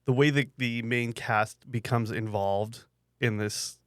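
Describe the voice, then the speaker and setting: A man co-hosting a podcast in casual chat, speaking in a measured, articulate way. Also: medium pitch, fairly even intonation, smooth, no room sound, clean studio sound. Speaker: podcast co-host.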